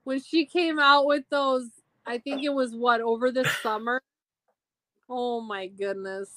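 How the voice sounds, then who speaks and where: A woman's voice: sits high, steady tone, normal speed, a bit bright. A woman from Minnesota chatting wryly as a podcast guest, laughing easily. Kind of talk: casual podcast chat.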